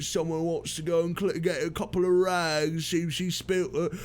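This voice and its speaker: A man streaming a visual novel, reading the lines aloud in a loud, excitable way and breaking in with crude jokes and sudden shouts. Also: fairly high pitch, moderate pace, hardly any pauses. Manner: crude jokey asides. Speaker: let's-play streamer.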